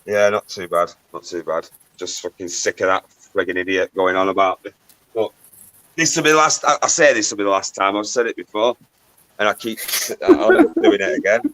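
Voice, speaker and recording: A man's voice: fairly low pitch, sing-song, moderate pace, sharp tone. A man hosting a livestream, chatting casually, swearing, and greeting viewers by name. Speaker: livestream host. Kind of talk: casual chat.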